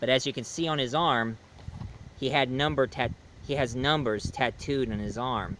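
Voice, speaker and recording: Bright-voiced chatty male movie reviewer. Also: medium pitch, moderate pace, slight background noise, poor audio. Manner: rambling, chatty, with many fillers and restarts. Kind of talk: casual video film review.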